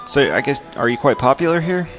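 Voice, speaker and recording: A man's voice: medium pitch, expressive, a little fast, a bit bright, soft background music. A man in an improvised comedy sketch who talks in a bumbling way, full of stammering restarts.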